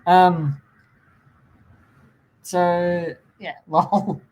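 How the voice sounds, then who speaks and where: A man's voice: sits high, flat delivery, very slow, darkish tone, poor audio. A man with a New Zealand accent hosting a casual live-streamed chat, full of ums and uhs as he welcomes viewers. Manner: hesitant, many ums and uhs, friendly welcoming. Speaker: podcast host.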